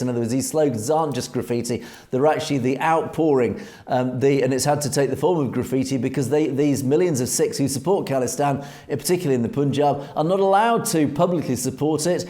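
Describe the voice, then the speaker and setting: A man's voice: a little high, warm tone. A man co-hosting a political news commentary show, speaking emphatically with frequent hesitations. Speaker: co-host.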